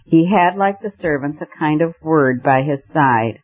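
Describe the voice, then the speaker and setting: A man narrating a novel in a steady, measured reading. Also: a little high, dull audio. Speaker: audiobook narrator. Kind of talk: scripted narration.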